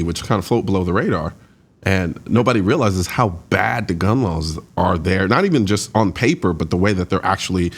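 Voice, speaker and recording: A man hosting an interview, asking animated, incredulous questions with frequent restarts. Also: low voice. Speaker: host.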